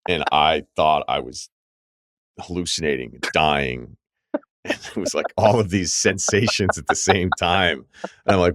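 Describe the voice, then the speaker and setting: Middle-aged male podcast host, low register, wry rambling delivery, dry studio mic. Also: measured pace, a bit bright, no echo. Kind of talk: casual chat.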